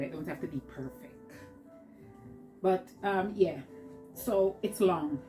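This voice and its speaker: A woman's voice: on the low side, takes it slowly, pauses often, warm tone, faint music behind. A woman with a Jamaican accent talking through a clothing haul in a chatty, rambling way, laughing often, seated at home. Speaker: vlogger. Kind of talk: casual haul vlog.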